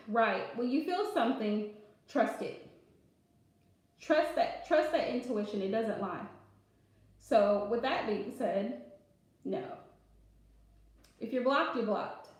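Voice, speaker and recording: High-voiced woman in a very echoey room. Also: takes it slowly, long pauses. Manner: emphatic, repeats key phrases; straightforward, candid. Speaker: vlogger. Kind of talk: casual storytelling chat.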